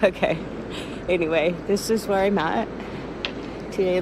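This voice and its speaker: A woman in her sixties talking slowly in a rambling, emotional vlog, often close to tears and laughing softly. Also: fairly low pitch, background noise. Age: 60s. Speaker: vlogger. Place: outdoors by the water.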